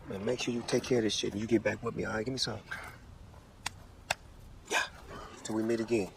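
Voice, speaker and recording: A man's voice: fairly low pitch, fairly even intonation, fairly quick, vocal fry, slight background noise. A man playing a laid-back rich rapper who talks in street slang in a TV comedy. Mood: heartfelt. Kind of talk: TV comedy acting.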